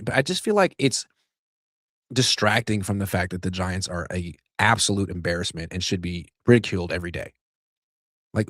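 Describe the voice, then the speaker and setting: Male sports host, lower voice, sarcastic ranting commentary, close dry mic. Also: no room sound. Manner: animated, sarcastic, swears, rants at length.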